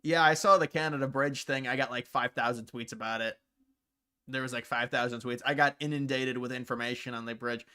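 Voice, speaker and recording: Man, livestream host, casual rambling chat, answers viewer comments, smooth clear voice. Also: medium pitch, fairly even intonation, fairly quick, sharp tone.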